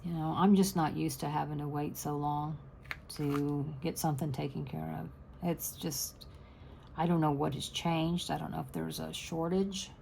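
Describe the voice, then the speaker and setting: Low gravelly woman chatting. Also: flat delivery, normal speed, warm tone, slight background noise. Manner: rambling, chatty, trailing off. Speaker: crafting channel host. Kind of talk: casual chat to viewers.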